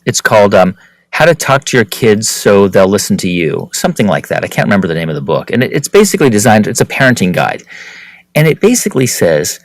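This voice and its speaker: Animated man with a lively voice. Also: lowish voice, quick pace, dry recording, low-quality recording. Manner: animated, with frequent restarts. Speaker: podcast host and author, interview guest. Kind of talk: conversational interview.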